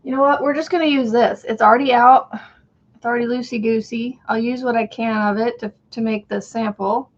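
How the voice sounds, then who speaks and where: A woman's voice: fairly high pitch, steady tone, fairly quick, highs cut off. A woman hosting a crochet livestream, chatting casually, greeting viewers by name and counting stitches under her breath.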